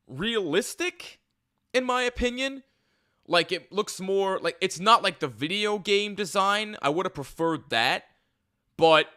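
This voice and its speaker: A man hosting a podcast, giving an excited live reaction, laughing often and restarting his sentences. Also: high voice. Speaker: podcast host reacting to a trailer.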